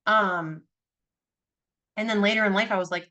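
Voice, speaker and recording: A woman's voice: medium pitch, normal speed, sharp tone. A woman, likely in her thirties, a podcast guest talking earnestly and animatedly in casual conversation.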